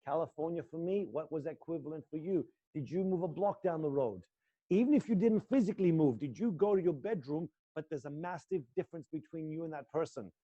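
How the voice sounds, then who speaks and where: A male acting teacher guiding students through an intense exercise, swinging between low muttered lines and loud coaching. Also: a little fast, lo-fi sound. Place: indoor room.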